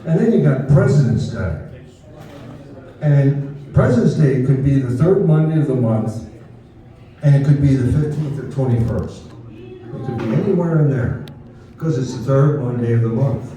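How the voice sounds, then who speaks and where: Man, folksy public speaker, dark mellow tone, caught far off in a roomy echo. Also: medium pitch, expressive, normal speed, pauses often. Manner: folksy, leads the crowd in call and response. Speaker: speaker at a historical birthday celebration. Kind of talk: informal public talk to an audience. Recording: distant, very echoey room.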